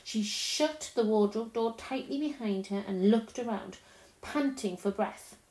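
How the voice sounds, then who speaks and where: A woman narrating a storybook in a calm, measured reading voice. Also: fairly high pitch. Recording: roomy echo.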